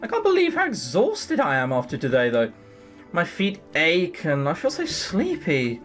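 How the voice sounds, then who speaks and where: A man's voice: fairly high pitch, wildly swooping pitch, moderate pace, fairly bright tone, faint music behind. A man voicing a tired, hopeful young servant girl who muses to herself, reading a visual novel game aloud. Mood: musing.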